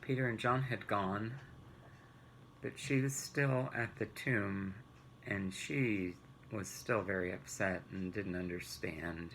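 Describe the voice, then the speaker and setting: A man teaching a children's Bible lesson, retelling the story gently and asking rhetorical questions. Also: fairly low pitch, slow pace, slight background noise, rough recording.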